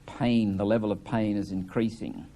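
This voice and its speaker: A man's voice: fairly low pitch, steady tone, moderate pace, dark tone, close to an everyday voice. A man reading aloud as a distressed wife and mother, pleading in a raised voice.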